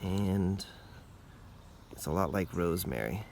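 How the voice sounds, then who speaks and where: A man hosting a casual outdoor garden tour, explaining plants in a relaxed, informal way. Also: low-pitched, slow, vocal fry, slight background noise. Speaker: garden channel host.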